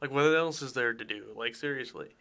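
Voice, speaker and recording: A man's voice: mid-range voice, fairly quick, bright, forceful tone. A man hosting a radio show, chatting loosely and jokingly, often repeating words as he goes. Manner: rambling, jokey, repeats words. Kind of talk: casual radio chat. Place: radio studio.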